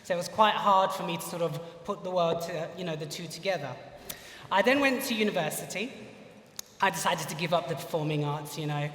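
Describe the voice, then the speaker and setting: A man's voice: high voice, brisk, a bit bright. Young british guy telling funny stories on stage, echoey hall, faint room noise. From United Kingdom. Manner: chatty, funny, says "you know" a lot. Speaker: speaker at a live lecture. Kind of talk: personal storytelling talk.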